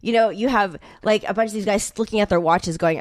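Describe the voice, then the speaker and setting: A woman's voice: a little high, a little fast, few pauses, a little hiss or hum. A young adult woman, an interview guest, telling stories in casual chat, full of fillers and acted-out quotes. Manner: animated storytelling, heavy filler "like", acts out quotes.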